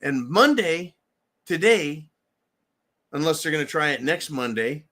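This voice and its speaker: A man's voice: a little high, lively intonation, a little slow, long pauses, fairly bright tone. A middle-aged man hosting a show, delivering a combative, profane political rant. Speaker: host. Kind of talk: political commentary monologue.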